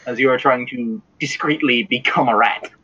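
A man with an Australian accent, narrating a tabletop game as dungeon master in a relaxed way with fillers. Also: mid-range voice, normal speed, husky, highs cut off.

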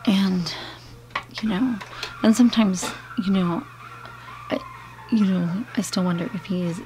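Casting note: middle-aged female beauty vlogger, rambling chat, middle pitch, music bed under her. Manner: chatty, rambling, many fillers. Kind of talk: casual storytelling while doing makeup. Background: background music.

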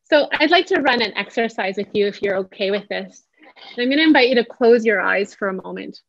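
A woman, a therapist, leading an online parenting workshop in a gentle, inviting way. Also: mid-range voice, expressive, fairly quick, no echo. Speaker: social worker and psychotherapist leading a workshop. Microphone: video call. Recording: dull dry video call audio.

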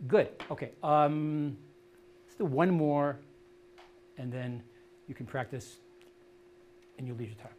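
An older man teaching a language class outdoors, drilling words slowly and patiently correcting pronunciation. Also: a little high, steady tone, a little mellow. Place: outdoor meadow gathering.

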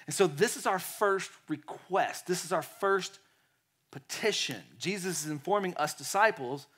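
A man preaching a sermon in a lively way, acting out quotes and dropping to quiet tones. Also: high voice, unhurried, slightly rough. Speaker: pastor.

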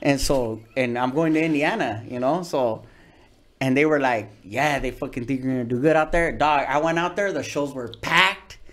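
A comedian from California with a Chicano English accent tells stories as a guest in a casual podcast interview, his voice medium-pitched, fairly bright and at normal speed. His storytelling is streetwise and slangy; he swears a lot and acts out voices.

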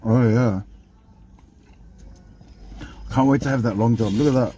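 A man's voice: medium pitch, fast talker, warm tone, a little hiss or hum. A man, hosting a mukbang and teasing his partner in casual chat while he eats. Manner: playful, teasing, often talks with his mouth full. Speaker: mukbang host.

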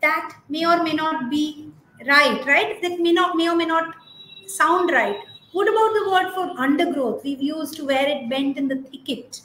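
A woman's voice: high-pitched, moderate pace, fairly bright tone, echoey room, slight background noise, rough recording. A woman presenting a teacher training webinar, chatty and full of fillers, reading out attendees' comments.

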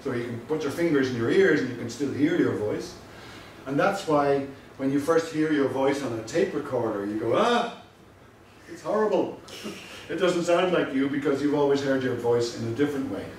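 A male lecturer giving a university lecture, measured and explanatory, stressing his key points. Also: medium pitch, a little mellow. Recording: very echoey room from a distant mic with faint noise.

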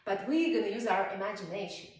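A woman's voice: medium pitch, expressive, fast. A woman teaching yoga to small children, playful and coaxing, often asking them questions as she guides the poses. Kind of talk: guiding a children's yoga class. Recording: echoey room, voice from far off.

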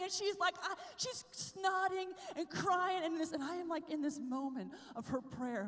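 A young woman giving an animated talk at a youth conference, telling her story, sometimes whispering and sometimes shouting. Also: extremely high pitch, normal speed, hardly any pauses. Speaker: conference speaker. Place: large hall. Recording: long hall reverb.

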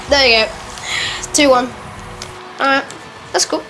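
A woman talks through an online match in a casual, running commentary with a fairly high voice. She gets excitable and laughs easily. She often stops to correct herself. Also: slow, pauses often, a little hiss or hum. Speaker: gamer.

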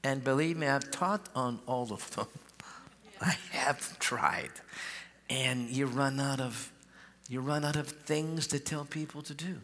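A man's voice: mid-range voice, takes it slowly, fairly bright tone, a little hiss or hum. Folksy preaching man in echoing church. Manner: folksy, conversational preaching with repeated starts. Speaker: pastor. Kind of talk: sermon. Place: large church sanctuary. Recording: long church hall reverb.

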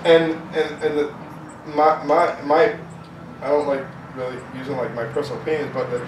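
A man's voice: fairly high pitch, level tone, moderate pace. A man giving a heated, profanity-laced rant in an interview, full of restarts and repetition. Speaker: protest organizer being interviewed. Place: festival grounds. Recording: echoey, distant mic, loud ambient noise.

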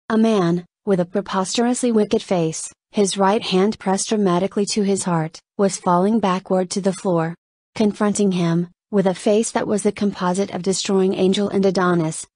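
A woman narrates an audiobook in a steady, measured way. Her pitch sits in the middle range, and the recording is dry and close with no room echo. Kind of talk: scripted narration.

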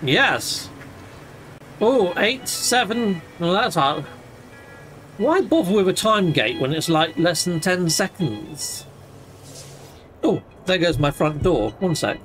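Animated gaming host. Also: male voice, high-pitched, takes it slowly, long pauses, faint music behind. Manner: chatty, exclamatory, minced swearing. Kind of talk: casual gameplay commentary.

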